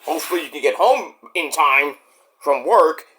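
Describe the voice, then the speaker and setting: A man's voice: fairly high pitch, expressive, moderate pace, bright, forceful tone. A man hosting a casual solo podcast, rambling and swearing freely as he loses his thread. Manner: rambling and profane, trailing off. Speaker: podcast host.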